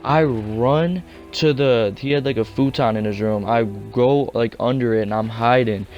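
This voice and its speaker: Young guy telling a story all laid-back and slangy, mid pitch, some music faint in the back. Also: a little slow, highs cut off. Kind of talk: casual storytelling.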